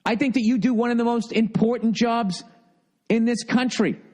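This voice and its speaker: A Boston-accented man in his fifties rants at length on his podcast, swearing constantly and sounding exasperated. His voice sits fairly high for a man. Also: steady tone, moderate pace, darkish tone. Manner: profane, exasperated ranting. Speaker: podcast host. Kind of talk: ranting monologue reading listener mail.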